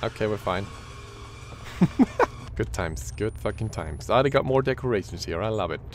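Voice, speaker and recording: A man giving casual let's-play commentary on a horror game, with a deep voice, swearing often and talking to himself as he plays. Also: lively intonation, moderate pace, over music. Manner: swearing, jumpy, talks to himself. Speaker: gaming YouTuber.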